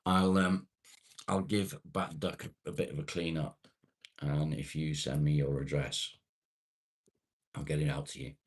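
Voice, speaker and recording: Very deep-voiced, unhurried middle-aged man. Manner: laid-back, swears freely. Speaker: live streamer reading viewer comments. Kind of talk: casual live-stream chat.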